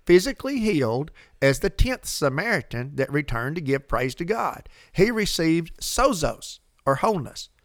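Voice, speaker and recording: A man co-hosting a conversational Bible discussion, emphatic and animated, with quick asides. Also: on the high side, no echo, studio quality.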